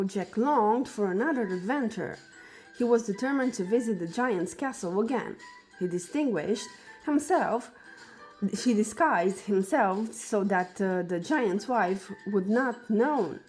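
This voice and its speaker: Slow, deliberate woman storyteller. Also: medium pitch, darkish tone. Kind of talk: reading a fairy tale aloud for children.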